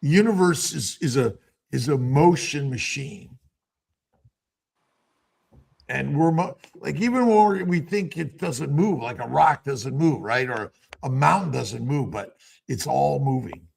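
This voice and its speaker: A man's voice: medium pitch, lively intonation, unhurried, vocal fry, a little mellow, slightly rough. A man hosting a casual livestream chat as a doctor, talking animatedly and repeating words as he searches for them.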